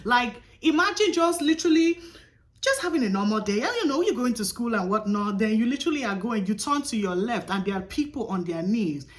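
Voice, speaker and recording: Young woman, storytime vlog, casual, profane, emphatic, fairly high voice, very lively pitch. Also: brisk. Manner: animated, profane, emphatic retelling. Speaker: storyteller vlogger.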